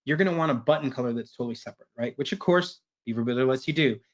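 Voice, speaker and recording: A man presenting a webinar, walking through a software screen share in a casual way and tagging his sentences with "right?". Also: medium pitch, rapid-fire, dull audio. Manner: casual, keeps asking "right?".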